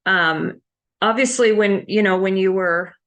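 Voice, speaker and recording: A woman's voice: medium pitch, a bit bright. A woman hosting a book club interview, speaking hesitantly with frequent restarts. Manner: slow, hesitant, with many restarts. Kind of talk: casual interview.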